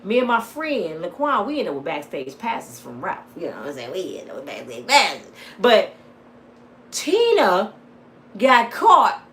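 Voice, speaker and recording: A middle-aged woman talking to her viewers in a casual vlog, swinging from lively storytelling to heated, preaching talk. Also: medium pitch, measured pace, slight background noise. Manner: plain-spoken, addresses viewers as y'all. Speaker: vlogger. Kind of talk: casual storytelling and emotional monologue.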